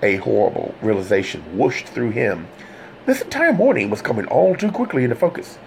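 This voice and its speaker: A man reading a thriller audiobook with dramatic, expressive narration. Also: lowish voice, moderate pace, gravelly, a little hiss or hum.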